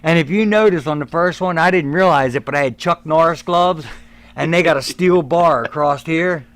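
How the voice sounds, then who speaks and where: A middle-aged man, a guest, telling stories casually and acting out quotes with shouts. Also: on the high side, moderate pace. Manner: animated, acts out quotes with shouts. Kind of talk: casual storytelling.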